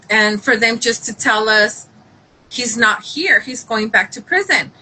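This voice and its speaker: A woman with a bright, ringing voice that sits a little high, chatting casually about faith. She tells her story in an animated way, acting out the lines people said and restarting her sentences as she goes. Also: slight background noise, low-quality recording. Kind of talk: casual faith-based chat.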